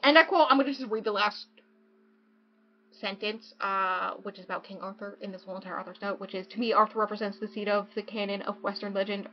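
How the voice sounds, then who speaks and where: A young woman hosts a casual podcast, gushing excitedly about a book, reading passages aloud and swinging between reading and joking. Her mid-range voice is fast, and the lo-fi podcast audio sounds dull.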